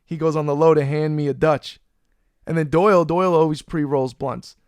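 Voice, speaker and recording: A man with a fairly high-pitched voice hosts a casual podcast, spinning a long story with loose, swearing energy. The sound is very dry and close, with no room around him. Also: moderate pace, clean tone, no room sound. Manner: animated, profane, loose storyteller. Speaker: podcast host. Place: Florida.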